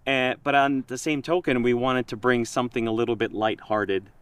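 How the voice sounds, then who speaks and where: A man in casual conversation, telling a story in an animated way and quoting himself and others. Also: mid-range voice, moderate pace, smooth, no room sound. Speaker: project creator.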